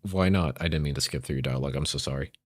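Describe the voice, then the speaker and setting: A man's voice: extremely low pitch, very fast, no echo. A male streamer making flustered, apologetic asides while playing a game. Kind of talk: casual game commentary.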